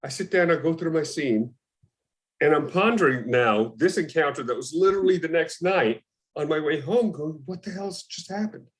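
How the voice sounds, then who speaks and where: An actor being interviewed, a man telling lively anecdotes in casual conversation and acting out what other people said. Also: on the high side, moderate pace. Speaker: actor guest.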